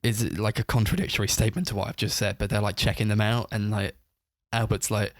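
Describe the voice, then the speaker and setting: A man's voice: on the low side, little pitch movement, quick pace, no room sound, clean studio sound. A man co-hosting a casual film review podcast, retelling scenes in a rambling way full of fillers and laughing as he goes. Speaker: podcast co-host.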